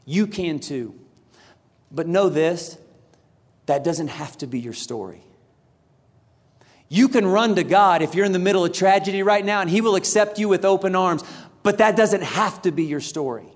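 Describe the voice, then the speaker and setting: A man in his thirties preaching a sermon, telling a story with lively animation and acting out the quotes. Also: high-pitched, normal speed, long pauses. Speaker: pastor. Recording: large hall with long reverb.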